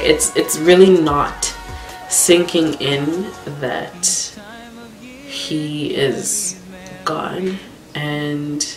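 A woman vlogger telling a painful personal story in a halting, tearful way, holding back tears. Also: deep voice. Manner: halting, tearful, many fillers and restarts. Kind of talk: emotional storytime monologue. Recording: roomy echo with faint background music.

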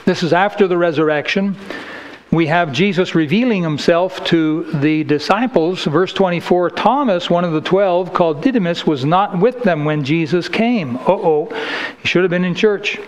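A man's voice: high-pitched, moderate pace, slight background noise, poor audio. A man preaching a sermon in church, emphatic and combative, reading scripture aloud and hammering his points. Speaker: pastor.

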